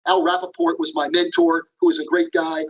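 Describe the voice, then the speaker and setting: A man's voice: on the high side, level tone, brisk, poor audio. A man being interviewed as a guest, telling a career story and often addressing the host by name. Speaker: guest, management professor.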